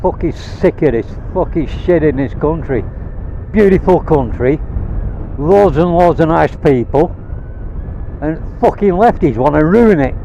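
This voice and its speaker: Vlogger riding a motorbike, man from Rhodesia, blunt and profane, a mellow tone pitched a touch high, dull helmet-mic sound. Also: vocal fry, a little hiss or hum. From Rhodesia (now Zimbabwe). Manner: heated, swearing, blunt. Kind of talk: angry rant while riding. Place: on a motorbike outdoors.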